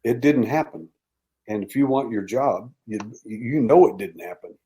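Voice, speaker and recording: An American man spinning a long anecdote on a podcast, slipping into the voices of the people he quotes. His pitch sits in an ordinary middle range, and he keeps the tale moving with lively back-and-forth dialogue. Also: moderate pace. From United States. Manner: animated storyteller acting out quoted dialogue. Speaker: podcast guest, alien abduction researcher. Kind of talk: storytelling in casual interview.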